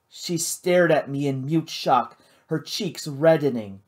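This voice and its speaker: An audiobook reader telling a first-person adventure with dramatic energy. The voice sits in a middle register and swings widely in pitch as the action builds. The delivery stays expressive throughout. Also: a little slow. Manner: dramatic, lively reading. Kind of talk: first-person novel narration.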